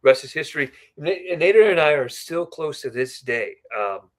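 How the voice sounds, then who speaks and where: This man's voice runs on the high side, lively and at normal speed. Appearing as a podcast guest, he relates something personal in a loose, chatty manner full of asides, frequently checking in with a "right?" at the end of remarks.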